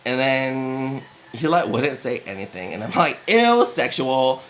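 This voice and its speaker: A man's voice: mid-range voice, expressive, measured pace, fairly bright tone, rough recording. A young American man telling a rambling comic story in casual chat, full of "like" fillers and laughs.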